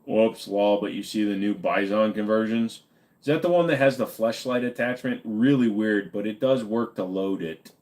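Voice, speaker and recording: A man's voice: fairly low pitch, normal speed, darkish tone. A tired man hosting a casual live stream, rambling and joking crudely with viewers, saying he feels dizzy. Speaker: livestream host.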